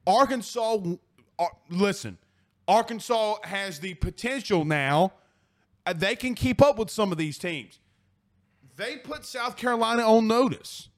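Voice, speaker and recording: A man's voice: high-pitched, expressive, a little slow, pauses often. A man hosting a sports talk radio show, ranting in a profane, fired-up way and hammering his points through repetition.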